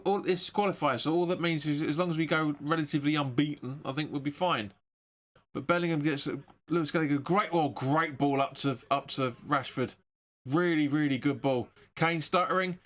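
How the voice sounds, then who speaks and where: A man hosting a football watch-along stream, giving excitable, sweary live match commentary. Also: a little high.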